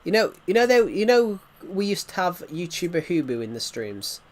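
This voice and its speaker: A man's voice: high-pitched, big pitch swings, normal speed, slight background noise. A man, a gaming streamer, telling a story in casual chat with rambling restarts.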